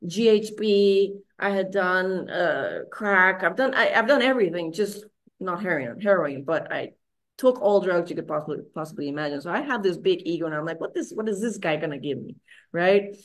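Podcast guest, woman, middle-aged, low voice; candid, unpolished storytelling full of restarts. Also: expressive, normal speed. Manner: raw, frank, swearing, many fillers and restarts.

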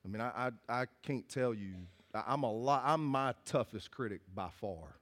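Earnest pastor preaching a sermon. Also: male voice, medium pitch, moderate pace, fairly bright tone. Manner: earnest, folksy, repeats and restarts phrases. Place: church hall with congregation.

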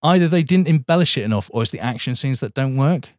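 A man's voice: mid-range voice, lively intonation, quick pace, darkish tone, dry recording. Guy rambling on a podcast, laughs a lot, dry close sound. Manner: chatty, laughs often, rambling film opinions. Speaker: podcast co-host. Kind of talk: casual chat.

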